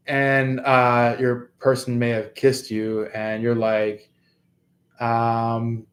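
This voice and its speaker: Slow, rambling male tarot reader. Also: mid-range voice, little pitch movement. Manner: rambling, hesitant, many fillers and restarts. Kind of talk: casual astrology reading to viewers.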